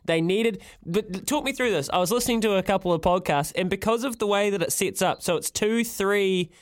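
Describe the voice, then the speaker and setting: A man's voice: high voice, a little fast, no echo, clean studio sound. A man hosting a casual radio chat, jokey and laughing often. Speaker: radio host.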